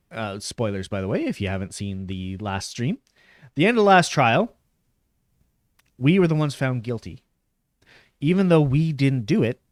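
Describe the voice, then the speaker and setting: A game streamer gives casual commentary through a headset mic, recapping, rambling, and laughing often. His voice is mid-range, captured with clean studio sound and no room sound.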